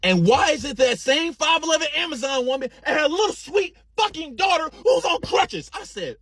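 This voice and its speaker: A man's voice: extremely high pitch, sing-song, moderate pace, a bit bright, no room sound, studio quality. A young man casually telling a funny story in slangy, profane speech. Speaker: comedic storyteller.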